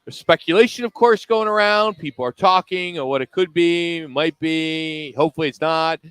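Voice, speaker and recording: A man's voice: on the high side, moderate pace, a bit bright, smooth, no echo, poor audio. Upbeat male sports radio host. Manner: upbeat, chatty, with frequent fillers. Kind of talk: live sports radio talk. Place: broadcast from a restaurant.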